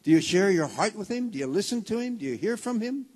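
A man's voice: high-pitched, big pitch swings, slightly rough. A man preaching a sermon as pastor of a congregation, with a fervent, rising delivery. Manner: starts hushed and slow, builds to loud fervent preaching. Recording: long hall reverb.

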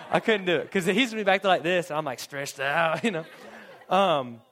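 Animated young man preaching. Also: on the high side, normal speed. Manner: animated storytelling, laughs often, acts out quotes. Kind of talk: sermon with humorous personal story.

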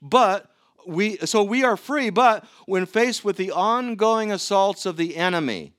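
A middle-aged man preaching a sermon to his church, earnest and given to halting restarts. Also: high-pitched, a bit bright, no room sound, studio quality. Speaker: pastor.

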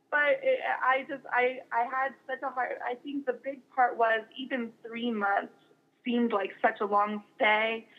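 A young woman being interviewed as a guest, speaking warmly and haltingly with many fillers and restarts. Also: a little high, flat delivery, slight background noise. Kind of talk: casual interview. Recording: dull lo-fi recording.

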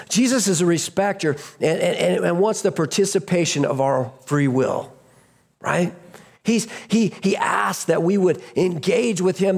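A man preaching a sermon as pastor, retelling stories animatedly and acting out voices, shouting at the peaks. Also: on the high side, gravelly, slightly rough. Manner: storytelling, acts out voices in the story.

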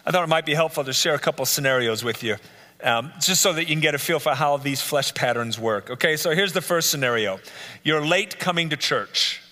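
A man's voice: on the high side, fairly quick, bright, forceful tone, big-room sound. A man leading a live Bible study, earnestly listing traits one by one and repeating key phrases. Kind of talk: live teaching talk. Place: church meeting room.

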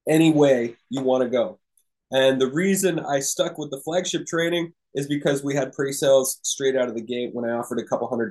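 A man's voice: mid-range voice, darkish tone, rough recording. A man hosting a podcast, giving casual, encouraging coaching talk to entrepreneurs, rambling with fillers and restarts. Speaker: podcast host and business coach. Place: room with a live audience.

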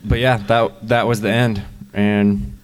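A young man, a guest at a live interview, telling a story in an easygoing, relaxed way. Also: fairly low pitch, takes it slowly. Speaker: guest climber.

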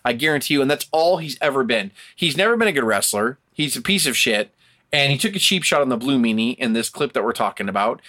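A man's voice: mid-range voice, animated, quick pace, bright, forceful tone. A man co-hosting a casual podcast, ranting with heavy swearing and mocking people in put-on voices. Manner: profane, ranting, mocks others in put-on voices. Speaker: podcast co-host. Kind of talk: heated casual chat.

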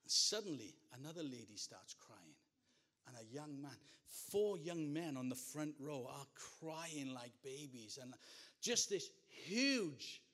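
Animated male preacher telling a story. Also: on the high side, unhurried. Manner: animated, humorous, swings from hushed to loud. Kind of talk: sermon storytelling.

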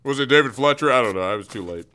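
Excitable male sports host, bright and lively, mock-furious rant full of stammered restarts. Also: medium pitch, racing.

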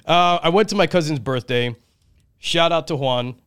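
A man's voice: on the high side, moderate pace, fairly bright tone, clean tone. A man in his thirties telling long rambling stories on a casual podcast, swearing freely and laughing often. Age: 30s. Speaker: podcast co-host. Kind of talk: casual storytelling chat.

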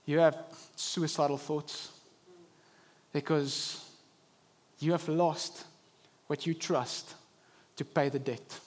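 Young male pastor, high-pitched, animated sermon delivery. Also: takes it slowly, long pauses. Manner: animated preaching, acting out inner voices. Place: church service.

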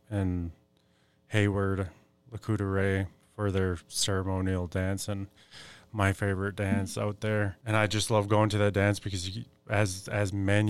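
A man hosting a podcast, asking long questions and sharing his own experience, often halting and rephrasing as he talks. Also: deep voice, a little mellow, smooth. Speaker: podcast host. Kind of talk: conversational interview questions.

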